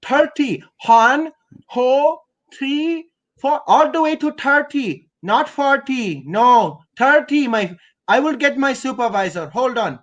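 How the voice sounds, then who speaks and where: A man's voice: very high voice, animated, takes it slowly, fairly bright tone, heavily acted. A man putting on an Indian accent to voice an overly polite tech-support agent who keeps repeating himself. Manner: repetitive, overly polite phone patter.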